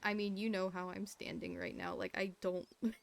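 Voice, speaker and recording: A woman telling a story in character on a roleplay game stream, animated and acting out what others said. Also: mid-range voice, moderate pace.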